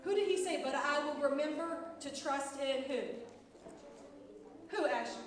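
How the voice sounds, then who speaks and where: Kids' church teacher, woman, very high and bright, dramatic storytelling reads, echoey distant room sound. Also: measured pace, background noise. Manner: expressive, dramatic reading with questions to the children. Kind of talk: interactive Bible lesson for kids.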